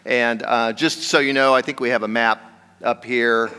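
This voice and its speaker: Man pastor, bright-toned voice, conversational rambling sermon, long hall reverb. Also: medium pitch, steady tone, normal speed, clear, resonant tone.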